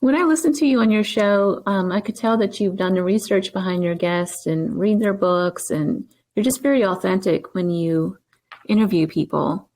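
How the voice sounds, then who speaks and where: A woman interviewing a guest on her podcast, her voice full of gravelly fry at a middle pitch. She keeps things friendly with short reactions and easy questions. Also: normal speed, a little mellow. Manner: friendly, laughs often, short replies. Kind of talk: casual interview.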